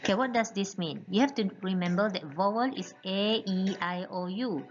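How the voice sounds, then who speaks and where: A woman's voice: mid-range voice, moderate pace. A woman teaching an English grammar lesson, patiently spelling out letters and often checking in with "okay". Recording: muffled lo-fi recording with faint music.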